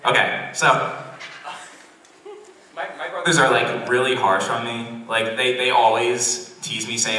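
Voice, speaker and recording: An awkward young man performs self-deprecating stand-up in a college comedy club, often stumbling and restarting his sentences. His tone is bright and forward, but he sounds far from the mic. The room adds heavy echo, with faint noise underneath. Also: medium pitch, steady tone, a little slow. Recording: roomy distant club recording. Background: audience laughter.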